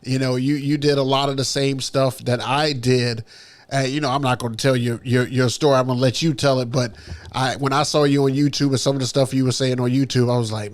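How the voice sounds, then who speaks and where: A man's voice: medium pitch, fairly even intonation, brisk. A man hosting a casual livestream podcast, greeting the chat and introducing his guest. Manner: upbeat, reads out chat names. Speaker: podcast host.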